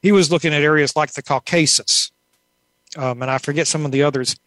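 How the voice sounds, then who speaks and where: A woman's voice: deep voice, steady tone, a little fast, fairly bright tone, dry recording, poor audio. Woman guest in an interview, rambles thoughtfully, dry and close. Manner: thoughtful, rambling, with many asides. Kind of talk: casual conversational interview.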